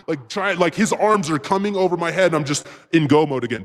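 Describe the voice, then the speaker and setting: A man's voice: fairly high pitch, brisk. Guy telling a story on a podcast, lots of likes and swearing, gets hyped in the action parts. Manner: profane, rambling, with filler words; excited bursts when retelling action. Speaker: podcast guest. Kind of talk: casual storytelling.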